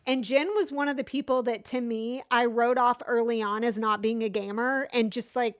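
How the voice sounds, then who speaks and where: Higher-voiced woman hosting a casual chat. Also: fairly even intonation. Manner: dramatic, self-deprecating, quick bursts. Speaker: podcast host. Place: home studio on a remote call.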